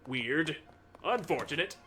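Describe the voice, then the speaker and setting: A man's voice: fairly high pitch, expressive, slow, pushed and bright, faint music behind. A man hosting a let's play, reading game dialogue aloud with casual commentary, goofy and self-mocking, swearing casually.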